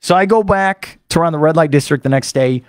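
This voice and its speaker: A man hosting a sports radio show, telling a rambling, excitable story full of fillers into a studio microphone. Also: on the high side, fast, dry recording. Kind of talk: animated monologue recapping a trip.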